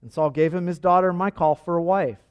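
A man reading a Bible passage aloud and then preaching on it in a measured, earnest way. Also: sits high, clean tone, lo-fi sound. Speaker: pastor. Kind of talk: scripture reading and sermon.

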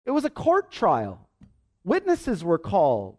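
A man's voice: high-pitched, huge pitch swings, measured pace. A man preaching a sermon at a church service, earnest and building his points with rhetorical questions and repeated phrases. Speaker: pastor.

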